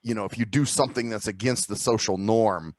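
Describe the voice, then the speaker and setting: A man's voice: lowish voice, fairly quick, darkish tone, no room sound. A man hosting a casual interview, asking loose questions with many fillers and laughing along. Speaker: podcast host.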